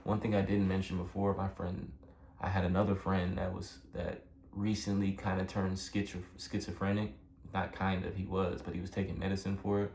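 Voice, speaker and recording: A man's voice: low voice, flat delivery, normal speed, creaky, a little mellow. A young man telling a personal story in a casual, rambling way, earnest and emotional, full of fillers. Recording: echoey room with faint background noise.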